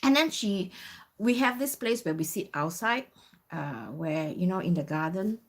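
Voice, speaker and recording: A woman's voice: lowish voice, animated, unhurried. A woman in her fifties from Singapore, casually telling a story with many "you know" fillers. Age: 50s. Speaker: vlogger.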